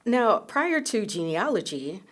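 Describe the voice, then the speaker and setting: A woman's voice: medium pitch, big pitch swings, unhurried, a bit bright. A woman from Jersey City interviewing a guest in a TV news studio, conversational, with short affirmations and fillers. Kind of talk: broadcast interview.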